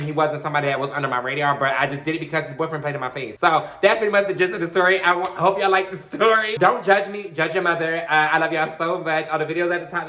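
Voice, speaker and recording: A woman vlogger telling a story in an animated, chatty way, talking straight to her viewers. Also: sits low, reverberant, a little hiss or hum. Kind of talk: casual storytelling to camera.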